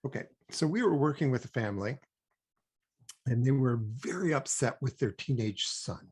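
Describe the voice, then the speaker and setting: An older man from Canada, a guest expert on child development, explaining at a measured pace with frequent ums and emphatic points. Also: mid-range voice, expressive, darkish tone, slightly rough. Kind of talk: conversational explaining.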